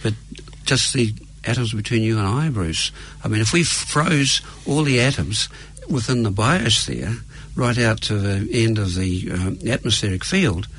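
Interviewer: low-voiced husky man, casual, brief affirmations. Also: animated, measured pace, fairly bright tone. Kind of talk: casual conversation.

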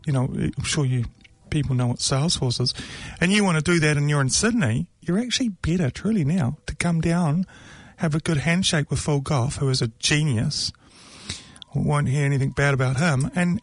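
There's no room sound around this man's slightly high voice. He's from New Zealand and delivers a casual, joking opinion monologue that wanders, peppered with filler words, ums and mocking remarks.

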